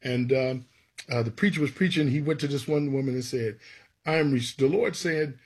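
A man with a husky, medium-pitched voice speaks at a moderate pace. He's a gospel songwriter in an interview, telling stories about his life and vividly performing the voices of those he quotes.

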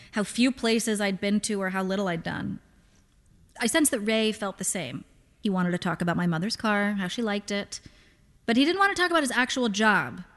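A woman's voice: mid-range voice, a bit bright. A woman narrating literary fiction in a dry, wry storytelling manner. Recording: long hall reverb.

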